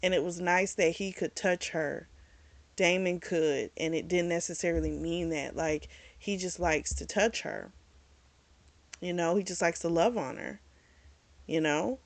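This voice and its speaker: Woman gabbing thru a book recap, lots of "you know", kinda low voice, dry no-room sound. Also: measured pace, dry recording. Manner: chatty, full of "like" and "you know". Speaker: book club host. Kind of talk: casual book review retelling.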